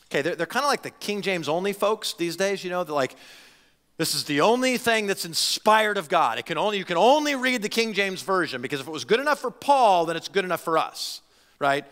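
Animated preaching man in a reverberant hall. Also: sits high, fairly quick. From United States. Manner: animated, conversational preaching with repeated restarts. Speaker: pastor. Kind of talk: sermon. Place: church sanctuary.

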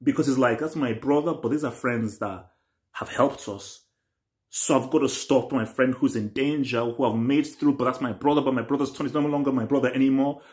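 A young man hosting a casual TV reaction video. He rambles and repeats himself, swinging between excited bursts and low mutters. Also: brisk. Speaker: reaction channel host.

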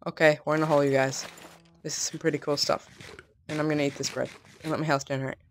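A woman's voice: low voice, flat delivery, fast talker, a little hiss or hum. Chatty woman narrating her gameplay. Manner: chatty, bursts into startled exclamations. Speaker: let's play gamer. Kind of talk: casual gameplay commentary.

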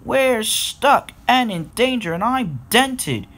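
A man's voice: very animated, a little fast. A man voicing a spirited, headstrong young female tank engine in a fan-made storybook reading. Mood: panicked. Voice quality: high bright put-on voice. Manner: chirpy, headstrong.

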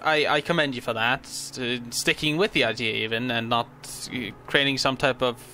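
A man's voice: mid-range voice, moderate pace, pushed and bright, a little hiss or hum. A young man giving casual, rambling gameplay commentary, stammering and swearing freely as he plays. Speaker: gaming video host.

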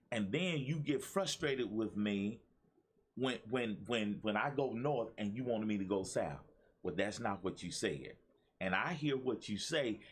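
With a mid-range voice carrying a breathy edge, a man who is a pastor and motivational speaker delivers a preachy talk. He repeats himself and calls out to his viewers throughout.

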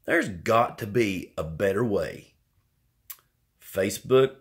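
A middle-aged man vlogging in a rambling, folksy, self-mocking monologue, using country slang and jumping into squeaky, whiny exclamations. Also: big pitch swings, unhurried. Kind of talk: rambling casual monologue to camera.

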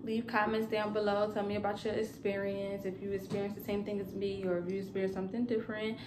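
A young woman talks casually to the camera at a mid pitch, rambling along and filling her pauses with ums. Her voice carries some room echo. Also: flat delivery, background noise. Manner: chatty and rambling, with many fillers. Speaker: vlogger and new mother.

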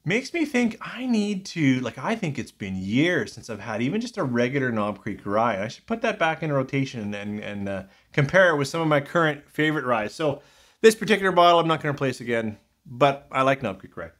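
A man's voice: mid-range voice, sing-song, brisk, fairly bright tone. A man casually reviewing whiskies in a rambling, thinking-aloud way, full of fillers and restarts.

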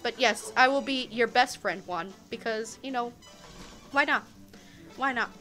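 A woman's voice: on the high side, a little slow, sharp tone, faint music behind. A young woman with a Southern US accent, chatting and giggling casually through a live game stream. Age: young adult. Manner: chatty, giggly, easily sidetracked.

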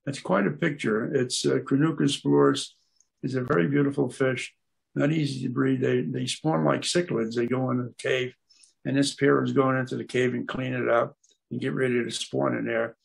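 A man's voice: mid-range voice, steady tone, normal speed, gravelly, breathy edge. An older man speaking as a guest at an aquarium club, telling rambling stories and often stopping to search for words. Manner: meandering, searches for words with many fillers. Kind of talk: rambling anecdotal storytelling.

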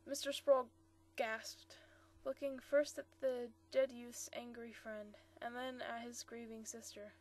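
High-voiced woman reading a story aloud. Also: measured pace. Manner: steady reading with occasional stumbles and self-corrections. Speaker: story reader.

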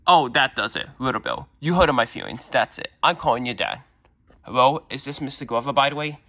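Guy doing a whiny girl youtuber, pleading, super bright tone, cartoon fan vid. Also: medium pitch, animated, brisk. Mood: hurt.

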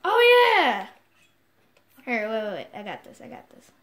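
A woman commentating a video game playthrough, excitable and self-mocking, quick to yell at the game. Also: medium pitch, faint music behind. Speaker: gamer. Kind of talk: let's play commentary.

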